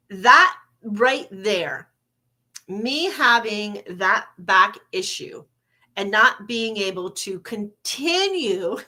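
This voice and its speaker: A woman's voice: medium pitch, sharp tone. An older woman hosting her podcast in a candid, casual monologue, laughing now and then and swearing a little. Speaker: podcast host.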